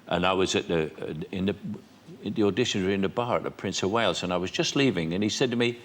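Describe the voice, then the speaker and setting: A man's voice: low voice, fast talker. An older man, a talk show guest, telling chatty stories and acting out quoted dialogue with frequent laughs. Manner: chatty storyteller, quoting dialogue, laughing often.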